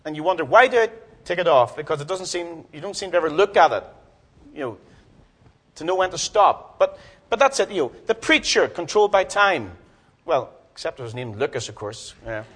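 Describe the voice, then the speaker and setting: A man preaching a sermon in a church, swinging from loud emphatic lines to soft, low ones. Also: animated, fairly quick, husky.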